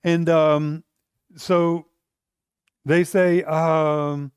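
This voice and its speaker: A man preaches in a relaxed, conversational style, stumbling into restarts and slipping into the voices of the people in his story. His voice sits a little high for a man. The recording is dry and close, with no room echo. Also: moderate pace. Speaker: pastor. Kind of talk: sermon.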